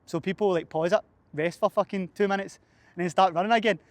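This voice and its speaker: A man's voice: high-pitched, fairly even intonation, quick pace, no echo. A young man, a fitness coach, chatting casually and swearing a lot outdoors at a cold running track, out of breath after a session. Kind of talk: casual vlog chat.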